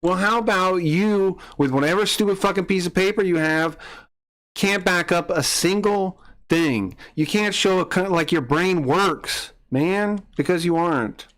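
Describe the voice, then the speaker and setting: A man's voice: high voice, unhurried, fairly bright tone. A man streaming live, ranting angrily and profanely as he accuses a chatter of lying. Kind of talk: heated live-stream argument with chat.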